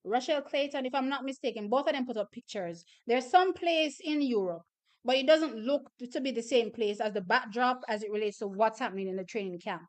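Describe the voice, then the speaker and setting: A woman's voice: fairly high pitch, brisk. Laughing woman telling stories. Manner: laughs often, animated storytelling. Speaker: livestream host. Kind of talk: casual livestream chat.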